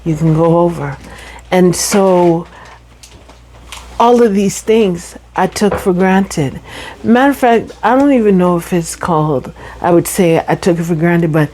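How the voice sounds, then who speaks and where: Middle-aged woman, unhurried and low-pitched, reflective personal testimony. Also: mellow, slight background noise, poor audio. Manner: slow, thoughtful, with quick bursts and light laughs. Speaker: brain injury survivor sharing her story.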